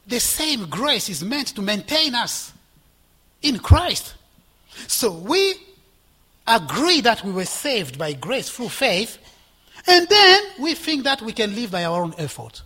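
A man preaching a sermon with passion, swinging from loud exhortation to hushed whispers. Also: sits high, very animated, unhurried, slightly rough.

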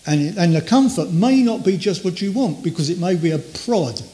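An older man preaching a sermon in a conversational way, acting out inner voices and trailing off softly. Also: high voice, lively intonation, moderate pace.

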